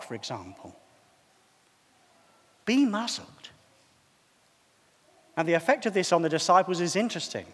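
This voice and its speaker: A man's voice: high voice, fairly bright tone, long reverb tail. A man preaching a sermon in a conversational, self-deprecating way.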